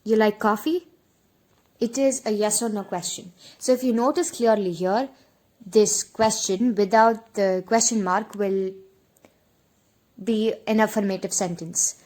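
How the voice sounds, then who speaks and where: A woman's voice: mid-range voice, darkish tone. A woman teaching beginner French on her channel, speaking in a mid-range voice. She walks through each rule patiently, repeating the example sentences so viewers can follow along. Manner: explanatory, repeats examples slowly. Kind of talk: online language lesson.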